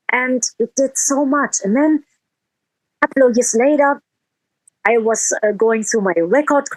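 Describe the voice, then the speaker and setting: A woman's voice: a little high, a little mellow, no room sound, rough recording. A woman musician in a casual interview, telling a heartfelt story with quoted dialogue and frequent restarts.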